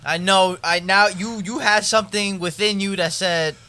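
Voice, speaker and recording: A man co-hosting a podcast, protesting and teasing the others with quick comebacks. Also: high voice, fairly even intonation, pushed and bright, clear, resonant tone. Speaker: podcast co-host. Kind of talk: casual crude chat.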